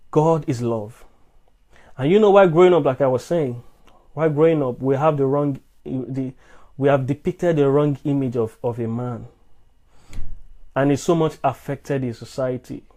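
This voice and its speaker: A man's voice: fairly high pitch, dark tone. A man preaching about love and manhood to an online audience, asking emphatic rhetorical questions and often restarting and repeating his words. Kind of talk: live-streamed sermon answering comments.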